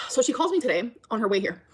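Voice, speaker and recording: A woman's voice: a little high, sing-song, brisk, a bit bright, husky. A woman telling a rambling story to camera in a casual vlog, full of fillers and acted-out quotes.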